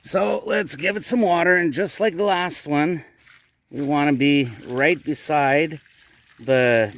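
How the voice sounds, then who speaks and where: This Canadian man speaks with a Canadian accent at a medium pitch, his voice a bit bright. Out at his garden plot, he vlogs casually about his day, chatty and rambling in his explanations.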